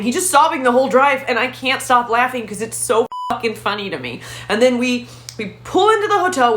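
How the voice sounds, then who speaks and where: A woman comedian telling a profane, animated story in stand-up style. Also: a little high. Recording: roomy echo.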